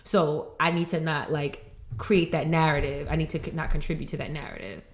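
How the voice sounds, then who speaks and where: A woman's voice: deep voice, fairly even intonation, brisk. A young adult woman co-hosting a podcast, talking in a heated, rambling way with lots of swearing and restarts. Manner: frustrated, rambling, swears often. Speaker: podcast co-host. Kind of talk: heated casual conversation.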